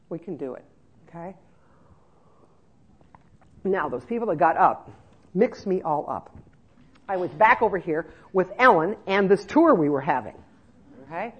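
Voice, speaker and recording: Brief: middle-aged woman, lively speaker to care staff, muffled lo-fi sound. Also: fairly high pitch, normal speed, husky. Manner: lively storyteller, checks in with "okay?" often. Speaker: speaker on nursing home care. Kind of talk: conference talk to care staff. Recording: muffled lo-fi recording.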